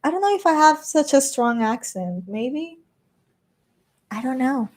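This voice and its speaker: A woman's voice: high-pitched, sing-song, a little slow, darkish tone. A young woman with a Venezuelan accent, chatting casually as she reads viewer questions aloud and answers them. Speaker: streamer reading chat. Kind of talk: casual chat.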